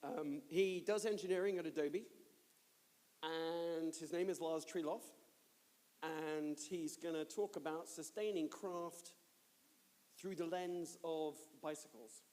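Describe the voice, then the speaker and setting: A man's voice: on the high side, steady tone, slow pace, darkish tone. A man hosting a live conference, introducing speakers while breaking into laughter. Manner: giggly, keeps breaking into laughter. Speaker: conference host. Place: large hall with long reverb. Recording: live conference hall reverb.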